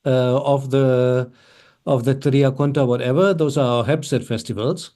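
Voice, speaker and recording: A man as a student in an online class, working through a translation slowly and tentatively, asking questions over a video call. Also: medium pitch, fairly even intonation, dark tone. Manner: slow, tentative, asks questions.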